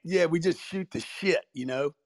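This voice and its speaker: A man's voice: fairly high pitch, moderate pace, dry recording. Brash, blunt-talking man. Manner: brash, blunt, swears freely. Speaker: guest. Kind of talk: casual chat in an online audio room. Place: online audio room.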